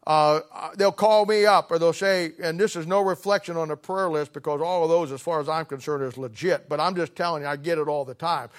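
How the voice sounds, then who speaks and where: A man delivers a sermon in a blunt, scolding, plain-spoken way. His voice sits a little high for a man. He drops to quiet murmurs, then climbs to loud, emphatic peaks. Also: normal speed. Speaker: preacher.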